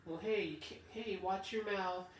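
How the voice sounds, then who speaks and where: A condescending motherly boss lady scolds her staff in a sweet, nagging tone, as a young man puts her on. The voice sits high and soft and calls people honey. It sounds echoey and a bit distant from the mic. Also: steady tone, normal speed, slight background noise, lightly acted. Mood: scolding. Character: bossy motherly woman manager, condescending.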